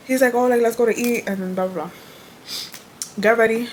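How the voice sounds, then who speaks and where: A woman's voice: a little high, steady tone, brisk, long pauses, a little hiss or hum. A young woman telling a story to her viewers in casual chat, blunt and exasperated, swearing freely and saying "like" a lot. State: tired. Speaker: vlogger.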